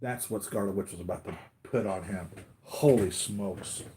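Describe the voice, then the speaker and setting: A man's voice: fairly low pitch, normal speed, dark tone, a little hiss or hum. A man hosting a live stream about his collectibles, chatting casually in a rambling, enthusiastic fan manner with lots of fillers. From United States. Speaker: collectibles vlogger.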